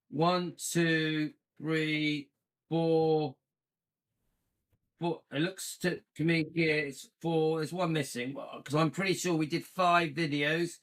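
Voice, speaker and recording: A man's voice: fairly high pitch, fairly bright tone. A man hosting his own channel, chatting casually and a bit annoyed as he counts views and reacts to a video, with many restarts. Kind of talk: casual commentary.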